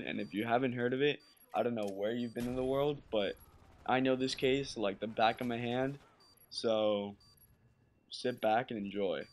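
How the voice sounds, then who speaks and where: A man's voice: mid-range voice, a little hiss or hum. A young man doing casual voice-over commentary over gameplay, nervous and stumbling, often repeating words and asking "right?".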